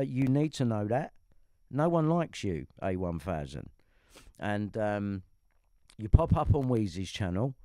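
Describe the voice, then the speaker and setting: A man's voice: on the low side, mellow, dry recording, clean studio sound. A man ranting angrily at an online critic, confrontational and profane, circling back to the same points. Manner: confrontational, profane, repeats himself. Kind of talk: angry online rant.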